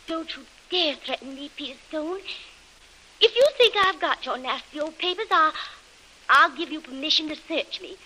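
A coy, indignant Southern belle from a vintage radio serial, with a put-on Southern US accent. Her voice is high and swooping, bright and sharp, full of wounded protest. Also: lively intonation, moderate pace, poor audio. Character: coy young woman feigning innocence. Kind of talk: 1940s radio acting.

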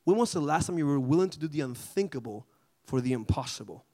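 A man leading a group Bible study in a casual, animated way, often asking the group questions. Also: on the high side, fast.

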